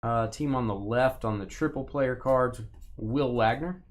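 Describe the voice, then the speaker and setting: A man's voice: mid-range voice, measured pace. A man hosting a live card break stream, reading out cards and teasing his viewers and co-host in a joking, rambling way.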